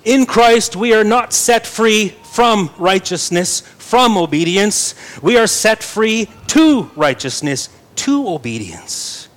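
A young man with a slightly high voice delivers a sermon. He reads scripture with earnest weight and breaks in with light, playful asides. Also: big pitch swings, slow, hardly any pauses. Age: young adult. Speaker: pastor.

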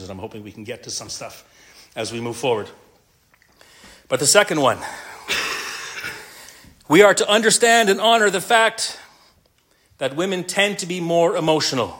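A man's voice: mid-range voice, animated, moderate pace, pauses often, fairly bright tone, slightly rough. Man preaching to husbands. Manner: earnest storytelling with laughs. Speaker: pastor. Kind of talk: sermon.

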